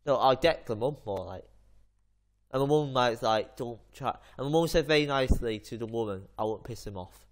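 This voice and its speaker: A man's voice: medium pitch, lively intonation, a little fast. A man, hosting a gaming video and rambling through an anecdote in casual chat. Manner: rambling anecdote full of fillers and restarts. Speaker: gaming channel host.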